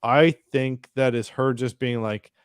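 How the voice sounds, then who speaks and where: A man in casual podcast chat, animated and loose-tongued, tossing in swear words and acting out scenes in quoted voices. His pitch sits in a middle range. The sound is dry and close, with no room echo. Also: measured pace, smooth. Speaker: podcast co-host. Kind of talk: casual chat reviewing a TV episode.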